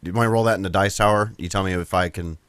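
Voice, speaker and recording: A man playing a tabletop game, joking and swearing as he asks quick questions. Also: low voice, steady tone, a bit bright, smooth, no echo. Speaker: player. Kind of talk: casual tabletop game chat.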